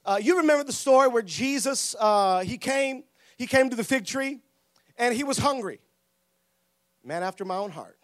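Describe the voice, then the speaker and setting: A man preaching a lively sermon with humor, laughing often, shouting for emphasis and acting out the people in his stories. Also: very high-pitched, moderate pace. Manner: acts out quoted voices.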